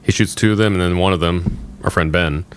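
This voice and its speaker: Low-voiced man rambling about a movie. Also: fairly even intonation, brisk, smooth. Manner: rambling, full of "like" fillers. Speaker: podcast co-host. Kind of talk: casual movie chat.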